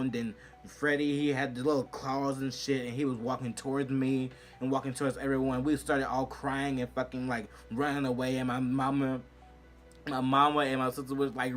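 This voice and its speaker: A young man telling a storytime vlog in an animated, profane way, swinging from shrieks to low murmurs. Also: brisk, soft background music. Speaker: vlogger.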